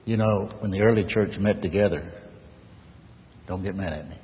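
A man preaching an earnest sermon as pastor, swinging from raised emphasis to soft near-whispers. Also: low voice, normal speed, big-room sound, highs cut off.

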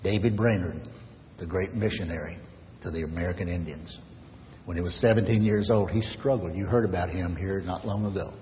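A man preaching an earnest sermon as pastor, swinging from raised emphasis to soft near-whispers. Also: sits low, steady tone, brisk, long reverb tail, muffled recording, slight background noise.

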